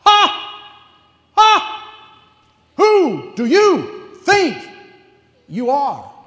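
Man playing God, mocking and booming, high and loud, in a reverberant church hall. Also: wildly swooping pitch, very slow, full character voice. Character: scornful almighty male God laughing at mankind.

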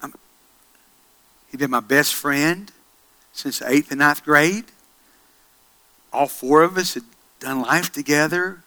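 A middle-aged male pastor preaching a sermon, swinging from hushed storytelling to loud, excited passages. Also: a little high, slow pace, long pauses.

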